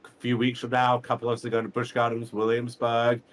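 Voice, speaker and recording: A man speaking as a guest in a casual interview, relaxed and rambling with many "you know" fillers. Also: mid-range voice, quick pace.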